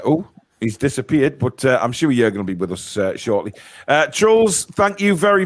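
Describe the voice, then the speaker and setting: A man's voice: mid-range voice, dry recording, studio quality. A man hosting a casual live stream, reading viewer comments aloud with lots of fillers. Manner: chatty, reads viewer comments, many fillers. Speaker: host.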